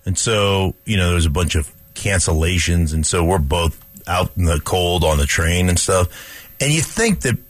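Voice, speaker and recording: A man's voice: low-pitched, lively intonation, moderate pace, no room sound. A man co-hosting a sports talk radio show, making wry, sarcastic asides in casual banter. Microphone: studio microphone.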